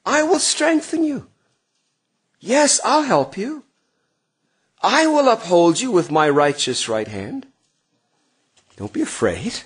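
A middle-aged male pastor preaching earnestly, swinging from emphatic lines to hushed, quiet passages. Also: sits high, very animated, takes it slowly, pauses often, husky. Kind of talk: sermon.

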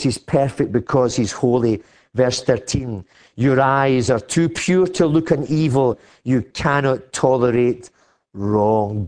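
Slow, impassioned Scottish preacher. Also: male voice, mid-range voice. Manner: impassioned preaching, rising to loud emphatic declarations. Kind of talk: sermon.

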